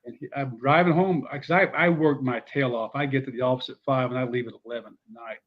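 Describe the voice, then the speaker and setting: A middle-aged man, a former football coach, telling stories in an animated way with many fillers. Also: mid-range voice, fast talker, highs cut off. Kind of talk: casual storytelling interview.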